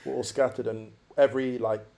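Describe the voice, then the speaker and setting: A man's voice: medium pitch, little pitch movement, a little fast, vocal fry, dark tone. A man around forty, a podcast guest, reflectively telling his life story and repeating phrases for emphasis.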